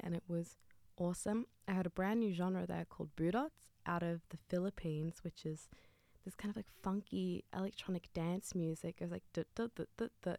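An enthusiastic young woman hosting a radio show, chatting casually between tracks. Her voice sits a little low, and the studio sound is close and dry. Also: darkish tone, no echo. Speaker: radio presenter.

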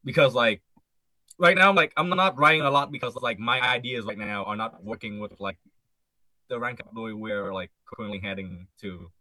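A man's voice: medium pitch, normal speed, bright, forceful tone, no echo. A man, a band member, talking hesitantly in an interview, packing in "like" and trailing off. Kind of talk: casual interview chat.

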